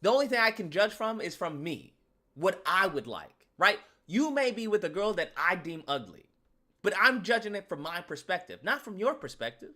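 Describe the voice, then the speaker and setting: Brief: animated male commentator, bright-toned, joking and slangy. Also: high-pitched, normal speed. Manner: slangy, laughing, rhetorical questions. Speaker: YouTube commentator. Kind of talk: casual comedic commentary.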